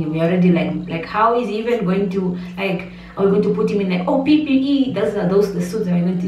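A woman vlogger telling a personal family story in a rambling way with many restarts, her voice steady and not breaking. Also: medium pitch, quick pace, few pauses. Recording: muffled, roomy, slightly distant.

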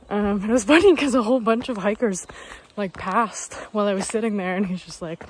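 A woman's voice: mid-range voice, brisk, few pauses, a little hiss or hum. A young woman from Canada chatting upbeat to her camera outdoors on a hiking trail, telling a story with lots of fillers. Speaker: hiker vlogger. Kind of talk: casual chat to camera.

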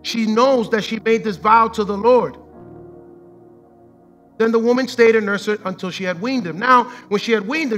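High, bright-voiced impassioned male pastor. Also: low-quality recording. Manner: impassioned preaching with casual slang, swinging from shouts to hushed reading. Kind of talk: sermon.

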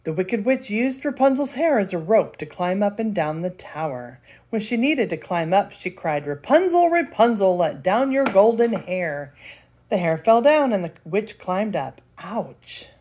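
An older woman, a grandmother, reading a picture book aloud with lively expression. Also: mid-range voice, moderate pace, hardly any pauses, husky. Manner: expressive, laughs between lines. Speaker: storyteller.

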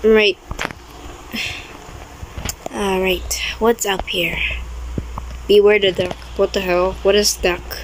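A woman's voice: medium pitch, flat delivery, very slow, pauses often, slight background noise, rough recording. A young woman commenting on her own gameplay, easily startled, with frequent exclamations and non-native English grammar. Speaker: gaming video creator.

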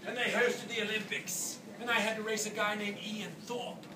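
A man in his forties giving an earnest, animated motivational talk to children as a swim clinic coach, dropping soft and then bursting loud, in a large indoor pool hall. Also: high-pitched, normal speed. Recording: echoey, distant, noisy hall.

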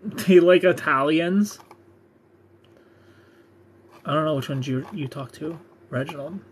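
Chatty young man, slightly high voice. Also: slow, slight background noise. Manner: chatty, joking, reads out viewer comments. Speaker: live stream host. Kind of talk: casual live-stream chat.

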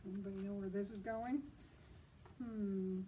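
Librarian lady reading to kids outside, soft mellow voice, kinda far from the mic with faint outdoor noise. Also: mid-range voice, fairly even intonation, unhurried. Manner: gentle, asking listeners questions. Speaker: children's librarian. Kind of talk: children's storytime reading.

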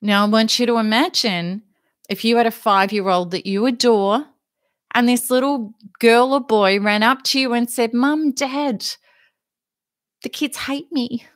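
A woman's voice: fairly high pitch, fairly even intonation, moderate pace, fairly bright tone, no room sound, studio quality. Earnest woman giving a motivational talk. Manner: earnest, emphatic, uses analogies. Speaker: self-help teacher.

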